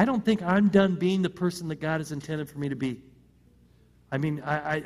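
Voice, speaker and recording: High-voiced man preaching a sermon. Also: vocal fry, darkish tone. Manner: conversational preaching with rhetorical questions and repeated starts. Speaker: pastor.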